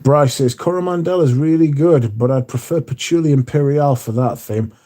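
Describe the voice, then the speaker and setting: A man's voice: medium pitch, moderate pace, dark tone. A man hosting a casual livestream, reading viewer comments aloud and answering them, swearing casually. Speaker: livestream host reading chat.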